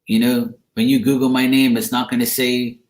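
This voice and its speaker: A man's voice: mid-range voice, flat delivery, moderate pace. Chatty man talking to his live chat. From Bermuda. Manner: rambling, chatty, answers chat comments by name. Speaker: tarot reader on a live stream. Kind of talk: casual chat with live viewers. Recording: echoey room.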